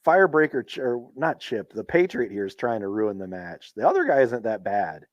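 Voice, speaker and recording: A relaxed man trading wry comments on a wrestling podcast. His mid-range voice moves lively up and down. The recording is dry, with no room sound. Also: medium pitch, normal speed, dry recording, muffled recording. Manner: relaxed, chatty, wry remarks. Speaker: podcast co-host. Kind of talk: casual wrestling commentary chat.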